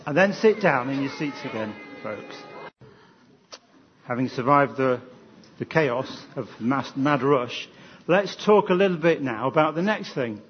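A man leading a playful Christmas children's talk in church, lively and animated. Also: mid-range voice, unhurried, muffled recording, slight background noise. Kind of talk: Christmas family service talk.

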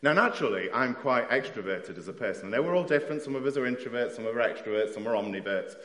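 A man preaching a sermon, telling stories with self-deprecating asides in a lively way. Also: mid-range voice, quick pace. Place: church hall. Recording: roomy church hall echo.

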